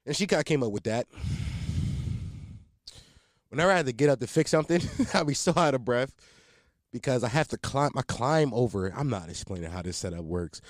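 Speaking into a close podcast mic at home, this twentysomething man runs a casual solo podcast, rambling and swearing with plenty of restarts. His mid-range voice has lively intonation and moves a little fast with frequent pauses. The studio-quality sound has no room noise.

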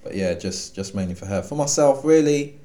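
A man, co-hosting a podcast in a relaxed, rambling chat with lots of fillers. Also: medium pitch, normal speed. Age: 30s. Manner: laid-back, rambling with fillers and restarts. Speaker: podcast co-host. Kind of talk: casual chat.

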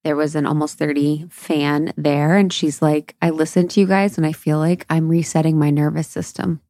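A young woman with a slightly nasal, low-pitched voice, chatting as a podcast co-host. She is bubbly and laughs easily, recorded close and dry with no room sound. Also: level tone, normal speed, mellow, dry recording. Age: young adult. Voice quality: nasal from allergies. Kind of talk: casual chat.

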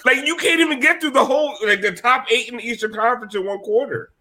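A man's voice: very high-pitched, quick pace, sharp tone. A man hosting a casual sports podcast who talks in a rambling, profane way. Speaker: host. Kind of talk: casual chat.

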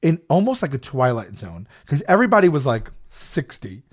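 A man casually telling a long anecdote, animated, acting out other people's voices, with a New York accent. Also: medium pitch, moderate pace. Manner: animated, acts out voices in quotes, filler-heavy. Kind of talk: casual storytelling.

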